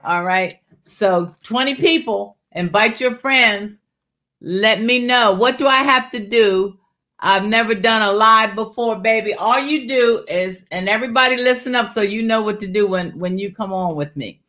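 A chatty woman running a live-stream jewelry sale from home. She talks in a loose, rambling way, calling out viewers by name and coaxing them to buy. Her voice sits in a middle pitch, picked up by a simple phone or webcam mic. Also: normal speed. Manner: chatty, calls out viewers by name, folksy Southern-style warmth in words like y'all. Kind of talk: casual live-stream sales chat.

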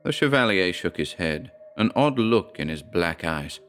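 A man with a very deep voice reads a horror tale in a measured, dramatic way. Faint music runs under his narration. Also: very animated, fairly bright tone. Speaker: audiobook narrator.

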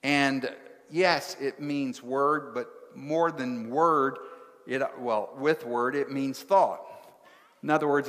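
A male pastor preaching slowly and deliberately, one short phrase at a time. His voice sits at an ordinary pitch and carries a long reverb through a large church sanctuary. He keeps asking his listeners questions as he goes. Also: a bit bright. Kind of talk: sermon.

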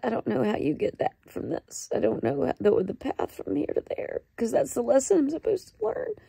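A woman recording a raw confessional diary clip, halting, upset and close to tears, swearing as she talks. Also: high-pitched, very animated, vocal fry, warm tone, husky, no echo. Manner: halting, distressed and ashamed, with swearing. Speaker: vlogger.

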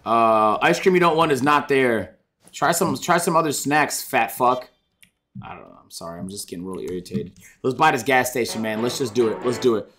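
A young man streaming a game, loud, profane and excitable, talking to his chat. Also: mid-range voice, a little hiss or hum. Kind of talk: gaming livestream commentary.

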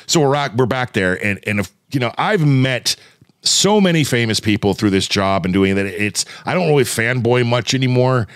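A man's voice: medium pitch, normal speed, no echo, clean studio sound. A man hosting a podcast, telling stories in a chatty, joking way. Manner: animated storyteller, chatty and joking. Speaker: podcast host. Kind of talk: casual chat.

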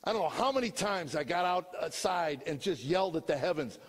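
An older man tells his own story as a comedian's testimony, moving between hushed lines and loud shouts. His voice is husky and sits a bit high for a man. It rings out in a hall with a long echo. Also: lively intonation, fairly quick, few pauses. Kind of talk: personal testimony.

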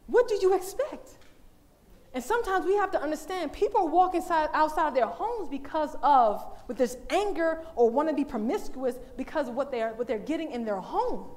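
High-voiced animated woman preaching. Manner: conversational, animated, laughs often. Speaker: women's day speaker at a church. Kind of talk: lively church talk. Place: church.

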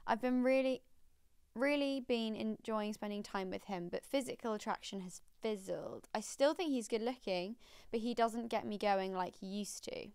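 Young British woman, podcast co-host, bubbly and chatty, fairly high, smooth and clear, close dry mic. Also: a little mellow, no echo. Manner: chatty, gushing, quick asides. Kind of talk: casual chat, reading listener letters.

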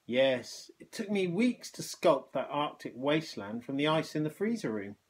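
A man's voice: fairly high pitch, very animated, moderate pace. A man reading as a cheerful, humble hospital porter. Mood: kindly. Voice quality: gentle, polite. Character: kind, humble, cheerful middle-aged male hospital porter.

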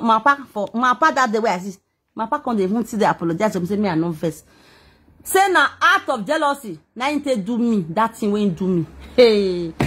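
Husky, heated Nigerian woman ranting. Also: fairly high pitch, fairly bright tone. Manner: heated, defensive, rambling. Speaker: vlogger. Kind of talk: emotional personal rant to viewers.

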